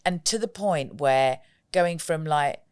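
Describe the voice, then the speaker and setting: Low, smooth-voiced woman telling lively stories. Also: slow pace, no echo, studio quality. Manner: lively storyteller, acts out quotes, laughs often. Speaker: podcast guest, joy coach. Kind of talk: casual interview chat.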